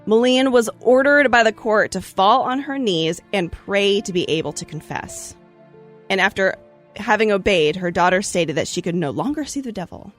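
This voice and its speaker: A woman tells a historical trial story to friends on a podcast, mid-pitched and casual. She reads the account steadily, then breaks into animated asides. Faint music plays underneath. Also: normal speed. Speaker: storyteller host. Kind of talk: casual group podcast chat, narrating history.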